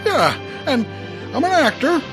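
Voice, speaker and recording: A man impersonating the ghost of an old-time male film star, folksy and halting, stammering and repeating himself. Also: very high-pitched, very animated, music in the background, pitched above the performer's own voice, heavily acted. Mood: pleading. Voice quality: halting, drawling stammer with "I tell you". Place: podcast studio.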